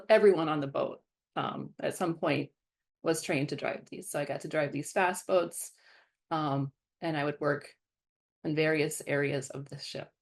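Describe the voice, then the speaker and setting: Woman with a gravelly, low voice telling stories. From American Midwest. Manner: storytelling, animated quoting of past self. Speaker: guest speaker. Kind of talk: lecture talk.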